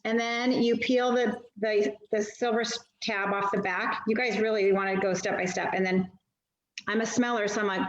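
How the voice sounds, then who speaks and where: A chatty woman walks fellow sellers through a product demo in a casual, self-deprecating way. Her voice comes through a video call that sounds roomy and a little muffled, with the high end dulled. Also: steady tone, moderate pace. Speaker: nail polish stylist training other sellers. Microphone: video call mic.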